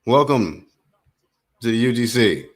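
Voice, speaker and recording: Slangy, animated male fight commentator. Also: medium pitch, measured pace. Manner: slangy and excitable, with frequent asides to viewers. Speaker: host of a live fight commentary stream. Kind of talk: casual live boxing play-by-play commentary.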